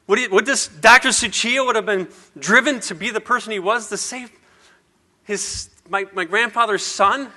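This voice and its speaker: A man's voice: high voice, moderate pace, pushed and bright. A middle-aged man giving an earnest motivational speech, telling a personal story and asking the audience rhetorical questions. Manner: earnest, rhetorical questions, repeats words when emotional. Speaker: motivational speaker.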